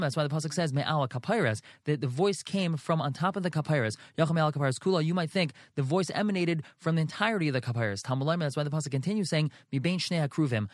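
Brisk man teaching a Torah lesson. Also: on the high side, no room sound, clean studio sound. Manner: reads Hebrew phrases then translates, brisk and explanatory. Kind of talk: Chumash and Rashi class.

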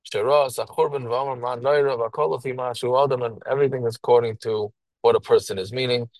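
A man of middle pitch teaches through a text, each phrase with a lilt and then glossing it in English. He talks in short phrases and often restarts them. The sound is dry and close, with no room around it. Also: fairly even intonation, quick pace, a little mellow, no echo, low-quality recording. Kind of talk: reading and translating a Hebrew text line by line.

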